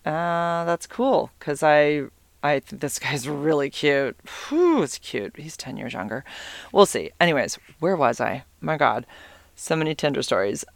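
A woman's voice: low-pitched, gravelly, no echo. A middle-aged woman telling a personal story in a rambling, easily distracted way, swearing freely. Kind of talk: casual storytelling.

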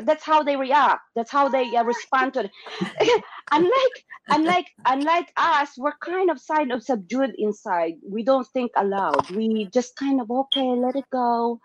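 A woman's voice: high-pitched, dry recording. A woman talks eagerly as a guest, slipping into little voices whenever she quotes someone. The sound is dull and very dry. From Philippines. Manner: talkative, acts out quoted remarks in changed voices. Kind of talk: casual conversation sharing experiences.

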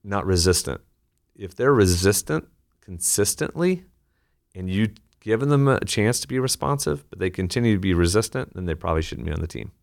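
Low-voiced guy on a podcast, talks in fast bursts, telling leadership stories. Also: creaky. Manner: animated storyteller, talks in quick bursts. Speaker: guest, leadership author. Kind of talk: podcast interview conversation.

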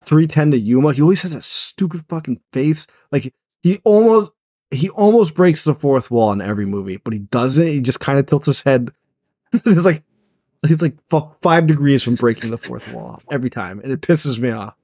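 A man's voice: mid-range voice, animated, moderate pace, warm tone, dry recording, clean studio sound. A man co-hosting a horror movie podcast in casual chat, blunt and exasperated, swearing as he rants. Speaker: podcast co-host.

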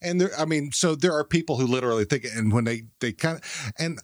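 A man from Texas, the podcast producer, speaking haltingly in a casual chat. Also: mid-range voice, slight background noise. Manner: halting, restarts often.

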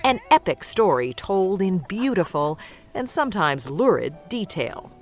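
A woman correspondent reading scripted narration for a news magazine feature in a lively storytelling manner. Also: mid-range voice, a little slow, faint music behind.

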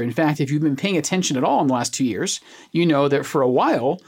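A podcast oncologist talks through a treatment study with lots of melodic rise and fall. The voice has a husky edge, and the tone stays energetic and explanatory, full of homely comparisons. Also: mid-range voice, quick pace. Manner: animated, explains with everyday analogies.

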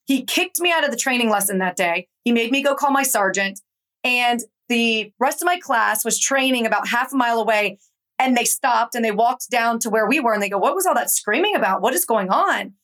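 Animated woman telling her story. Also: on the high side, brisk. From Atlanta, Georgia. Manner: animated, acts out quoted voices in her stories. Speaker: guest author. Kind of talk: conversational storytelling interview.

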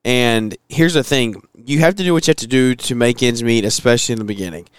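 A man in his thirties hosting a podcast, talking casually with a hoarse voice and plenty of fillers and restarts. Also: mid-range voice, expressive, very fast, no echo, clean studio sound. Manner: chatty, rambling with fillers and restarts. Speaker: podcast host.

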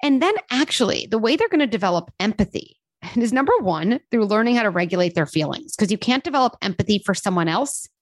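A woman's voice: medium pitch, expressive, fast talker, dry recording. Earnest woman explaining parenting, dry sound. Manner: earnest, explanatory, acts out quoted voices. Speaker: parenting expert and host. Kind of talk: casual podcast explanation.

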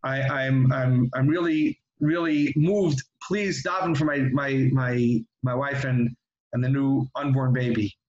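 A man's voice: mid-range voice, fairly even intonation, a little slow, darkish tone, roomy sound, lo-fi sound, natural voice. A man voicing a desperate husband who pleads and stammers. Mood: pleading.

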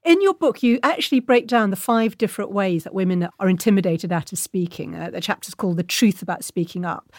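A woman interviewing a guest, asking probing, measured questions. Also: medium pitch, darkish tone, no room sound, studio quality.

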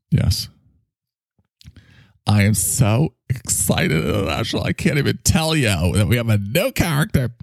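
A man's voice: on the low side, gravelly, darkish tone, no echo, studio quality. A man hosting an improvised comedy bit, playful and rambling.

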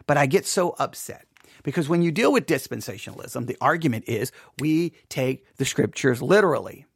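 Male podcast host, high voice, dry close sound, animated and exasperated commentary. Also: brisk, breathy edge, dry recording. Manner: animated and exasperated, with rising questions and asides. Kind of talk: solo podcast commentary on a Bible study text.

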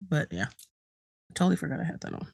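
A woman co-hosting a podcast in casual chat, reacting with quick remarks. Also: sits low, big pitch swings, creaky, a little mellow, slightly rough, no echo, clean studio sound. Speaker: podcast co-host.

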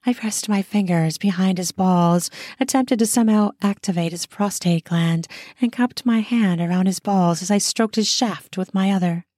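Soft, intimate woman reading an erotic story. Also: medium pitch, no room sound, clean studio sound. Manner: intimate, soft, drawn-out delivery. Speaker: narrator. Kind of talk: first-person erotic audio story reading.

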